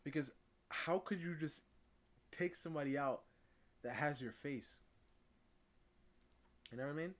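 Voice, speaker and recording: Co-host, very slow delivery, hesitant and full of fillers, casual chat. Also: medium pitch.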